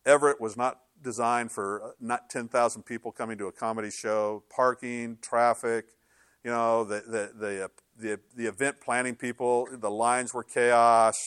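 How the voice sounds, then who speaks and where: A middle-aged male pastor preaching a sermon in an animated, conversational way, slipping into sarcastic quoted asides. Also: mid-range voice, normal speed, clear, resonant tone, no echo, studio quality.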